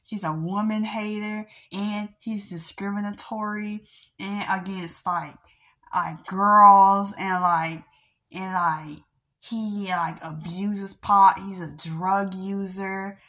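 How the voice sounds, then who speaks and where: Slow-talking upset young woman venting. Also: mid-range voice, fairly even intonation, sharp tone. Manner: rambling, upset, sighing, nervous laughs, trailing off. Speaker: vlogger. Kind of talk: emotional rant to camera.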